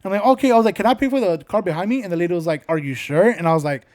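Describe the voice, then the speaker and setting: A man's voice: high-pitched, racing, darkish tone. A young man co-hosting a casual podcast, telling rambling stories with lots of swearing and acted-out quotes. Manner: rambling storyteller, swears often, acts out quotes. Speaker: podcast co-host.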